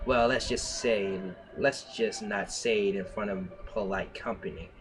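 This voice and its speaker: A man's voice: fairly low pitch, measured pace. A man reading fan fiction aloud on a live stream as a hammy noir narration, with asides and self-corrections. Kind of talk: comic dramatic reading.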